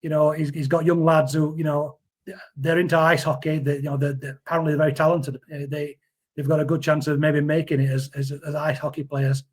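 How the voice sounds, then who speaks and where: A man's voice: on the high side, flat delivery, a little fast, slightly rough. A man, talking earnestly in a casual interview, often repeating words as he defends someone. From Yorkshire, England. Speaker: interview guest.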